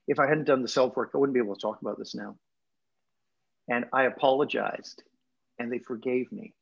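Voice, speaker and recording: A man's voice: medium pitch, creaky, breathy edge, muffled recording. A man in his sixties, raised in England, with a Canadian accent, telling personal stories reflectively in an interview. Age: 60s. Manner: reflective, emotional storyteller with laughs. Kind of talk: storytelling interview.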